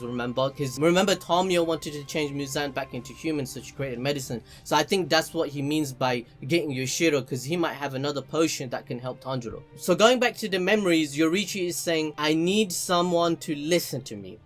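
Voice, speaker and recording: A young man hosting casual comic book commentary, excitable and swearing, often laughing. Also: fairly high pitch, a little fast, hardly any pauses, soft background music. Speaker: host.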